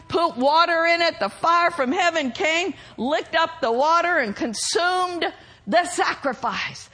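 A woman preaching a sermon in a high voice. She speaks slowly and emphatically and stretches out her key words. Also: fairly bright tone.

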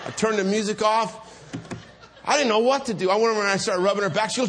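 A man preaching a storytelling sermon, animated, acting out the voices in his stories and laughing often. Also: sits high, fast, a little hiss or hum.

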